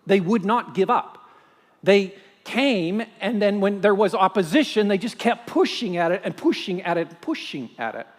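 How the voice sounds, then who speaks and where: A male pastor, preaching a sermon with animated storytelling and strings of rhetorical questions. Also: high-pitched, moderate pace, big-room sound.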